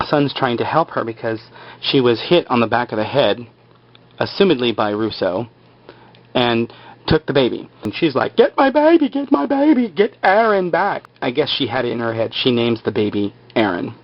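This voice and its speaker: A man's voice: mid-range voice, moderate pace. A man casually retelling a TV episode, rambling with lots of filler words. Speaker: episode recapper. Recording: slightly muffled lo-fi recording.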